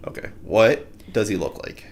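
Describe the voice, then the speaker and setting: Playful man with a lively voice. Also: fairly low pitch, moderate pace. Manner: playful, goofy, short replies. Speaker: podcast co-host. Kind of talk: casual chat about a book.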